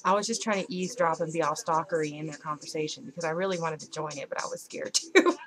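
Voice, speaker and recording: A woman's voice: low voice, fast, fairly bright tone, rough recording. Young woman vlogger, chatty, gushy fan energy. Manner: chatty and gushing, lots of "like", acts out quoted people. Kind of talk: casual chat.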